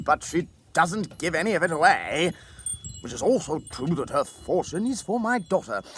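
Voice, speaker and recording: A man's voice: on the high side, fairly bright tone, a little hiss or hum, pitched above the performer's own voice. A man voicing an anxious, eager old male clerk who once served as a soldier, pleading and stammering in a raised voice.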